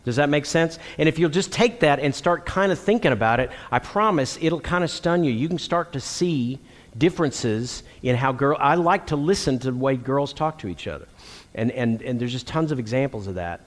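A middle-aged man preaching a sermon to men, telling stories and acting out the lines of the people in them. His voice sits at an ordinary pitch for a man. It rings with the long reverb of a large hall. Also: moderate pace. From Texas. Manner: animated storytelling with acted quotes.

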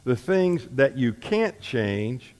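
A man preaching a sermon, telling stories with emphatic, slow, deliberate stresses. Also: medium pitch, big pitch swings, a little mellow. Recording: reverberant hall.

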